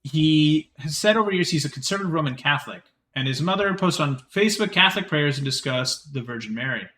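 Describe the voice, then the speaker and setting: Male streamer, higher pitch, reads articles aloud with offhand commentary. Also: expressive, a bit bright, slight background noise. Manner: quick chatty reading with many fillers and restarts. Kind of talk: reading an article aloud with casual asides.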